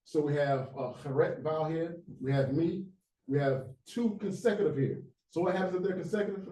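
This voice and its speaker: A man's voice: a little high, dark tone, slightly rough. Man teaching Hebrew pronunciation patiently. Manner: patient, repeats sounds slowly to demonstrate pronunciation. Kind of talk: classroom language lesson.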